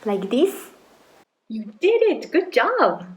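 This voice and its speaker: A woman playing a mother in a demonstration skit, gently coaching her child to sound out words step by step. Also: medium pitch, animated, measured pace, close to an everyday voice, rough recording. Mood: encouraging. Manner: gently encouraging, prompting step by step. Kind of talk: acted parenting demonstration skit.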